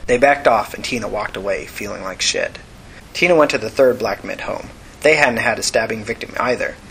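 A male narrator gives a steady, even audiobook reading in a mid-pitched voice. His delivery is plain and controlled, and a faint hiss sits under the recording. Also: low-quality recording.

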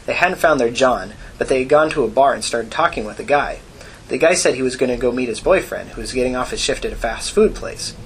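A man reading a gritty novel aloud in a plain, even storytelling manner. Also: medium pitch, a little fast, slight background noise, rough recording. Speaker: audiobook narrator. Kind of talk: scripted narration.

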